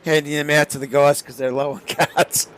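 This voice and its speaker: A man's voice: a little high, flat delivery, moderate pace, a bit bright, slight background noise. An Australian man co-hosting, telling stories in a chatty way and laughing easily. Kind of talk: casual chat.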